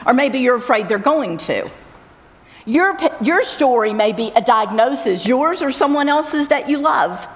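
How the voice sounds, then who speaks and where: Middle-aged woman, camp speaker, earnest testimony, reverberant hall. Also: on the high side. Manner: earnest, repeats phrases for emphasis. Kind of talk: personal faith testimony.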